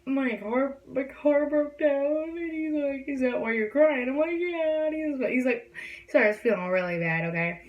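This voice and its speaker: A young woman telling a story in a casual, rambling way, full of fillers. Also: medium pitch. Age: young adult. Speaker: vlogger. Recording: distant from the mic.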